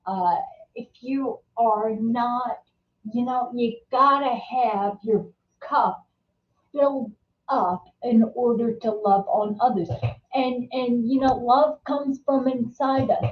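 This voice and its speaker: A woman hosting a casual live-stream chat. She talks in a halting way, often repeating words and restarting her sentences. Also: on the high side, a little hiss or hum. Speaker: host. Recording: distant, roomy and dull-sounding.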